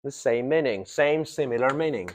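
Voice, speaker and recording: A man teaching an English grammar lesson to a class, asking students questions and repeating key phrases slowly. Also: mid-range voice, animated, a little hiss or hum.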